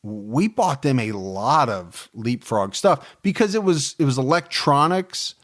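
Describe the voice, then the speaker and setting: A man in his forties co-hosting a true-crime podcast, telling the case in a relaxed, joking way with plenty of fillers. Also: mid-range voice, a little slow. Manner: storytelling, joking, many fillers. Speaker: podcast co-host.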